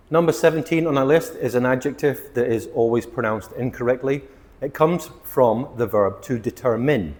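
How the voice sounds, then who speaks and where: A man teaching English vocabulary to camera, excitable, stressing and repeating words as he explains them. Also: medium pitch, big-room sound. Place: outdoors near palm trees.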